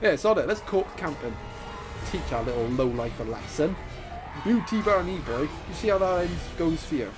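A man giving excitable live commentary over his own gameplay, laughing and taunting opponents. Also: on the high side, normal speed, music in the background. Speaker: gaming YouTuber.

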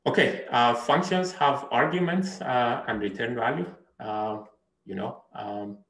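Slow, gravelly-voiced male lecturer. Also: mid-range voice, a bit bright, reverberant, low-quality recording. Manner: hesitant, many ums and restarts, asks "right?". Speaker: university lecturer. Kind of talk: recorded lecture.

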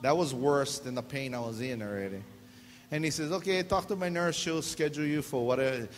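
A man's voice: medium pitch, brisk. Man, pastor, joking sermon, long church reverb, faint hiss. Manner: joking, animated, acts out dialogue. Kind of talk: humorous sermon storytelling.

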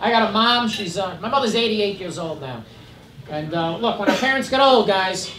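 On a club stage, a middle-aged comedian with a high, lively voice tells stories at normal speed, dry and conversational, tossing asides to the crowd. The live recording is distant and roomy, with loud audience laughter and noise.

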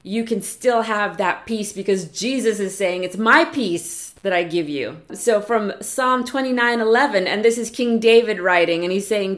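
A woman preaching a chapel message, earnest and encouraging, slowing down to read scripture aloud. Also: medium pitch. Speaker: chapel speaker. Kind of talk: sermon.

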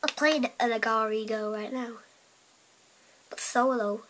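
Woman, casual gaming chat, giggly, teasing, rambling, fairly high voice. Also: steady tone, measured pace, a bit bright, poor audio. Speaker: gamer. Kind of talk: casual chat while playing.

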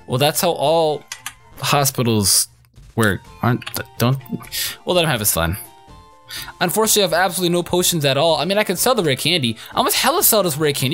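A young man commenting on his own game playthrough, excitable, crude and joking. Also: fairly high pitch, quick pace, faint music behind. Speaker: gaming YouTuber. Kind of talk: let's play commentary.

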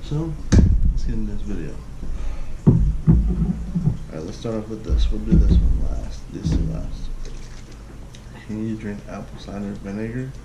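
A man's voice: on the low side, unhurried, long pauses, muffled recording. A man chatting casually through a taste-challenge vlog, exclaiming and groaning at what he tries. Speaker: vlogger. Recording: echoey room with loud background noise.

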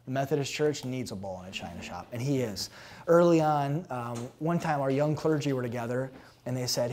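A man in his thirties talks openly about his church work. He tells stories in bursts and acts out each side of the conversations. His voice sits in the middle range. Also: medium pitch. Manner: animated storytelling, acts out dialogue. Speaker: pastor. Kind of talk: candid interview answer.

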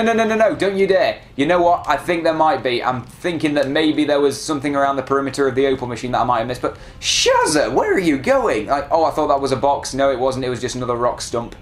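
A man giving casual, excitable commentary while playing a video game and talking back to it. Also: medium pitch. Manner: chatty, excitable, self-deprecating, talks to the game. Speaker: let's play gamer.

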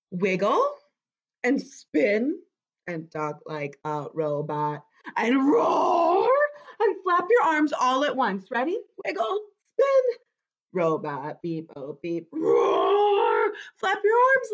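A bossy, excitable book character, read by a woman, who swoops up and down in pitch as he exclaims and coaxes. He talks slowly over a dull, lo-fi home video recording. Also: exaggerated voice. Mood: eager. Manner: exclaims and coaxes the listener into actions.

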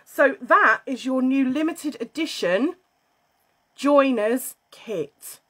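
High-pitched British woman, bubbly and excitable, chatty livestream host. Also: takes it slowly, husky. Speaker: livestream host selling beauty and wellness kits. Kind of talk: casual livestream chat. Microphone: phone.

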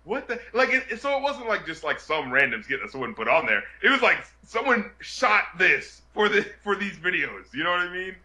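A man hosting a casual chat, telling stories in an animated way and often breaking into laughter. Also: high-pitched, a little fast, hardly any pauses. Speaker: music video reviewer and show host.

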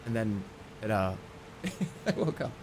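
A man streaming a video game, casually chatting and telling a long, excitable story, swinging from low mumbles to yelps. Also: unhurried, heavy background noise. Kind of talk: casual gameplay commentary.

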